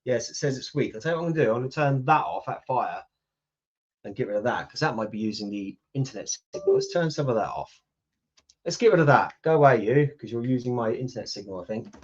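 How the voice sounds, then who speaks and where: Quick-paced and lively in intonation, this medium-pitched man in his fifties hosts a YouTube livestream. He has a British accent, comes from the UK, and casually responds to viewers' comments. The audio is lo-fi.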